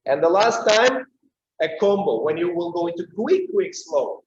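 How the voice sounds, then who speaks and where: A man's voice: sits high, sing-song, moderate pace, very noisy. A man with a Russian accent teaching a dance class, calling out counts and rhythms urgently while he is losing his voice. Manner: calls counts and rhythms loudly, coaching with urgency. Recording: dull echoey room sound from a distance.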